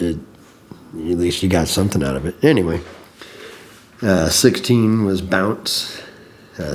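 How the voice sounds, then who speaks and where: A man from Illinois giving a rambling, profane, casual recap of a rock festival as a podcast host. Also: fairly low pitch. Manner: rambling, profane, self-deprecating.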